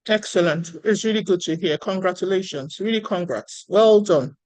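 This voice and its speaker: A woman's voice: fairly low pitch, normal speed, darkish tone, no room sound, low-quality recording. A woman professor hosting an online meeting, praising and encouraging students. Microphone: video call.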